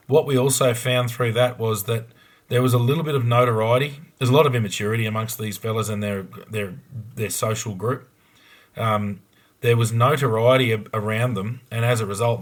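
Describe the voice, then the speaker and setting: An Australian man, a former police investigator, telling a case story on a podcast in a blunt, frank way with a lot of ums and restarts. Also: fairly low pitch.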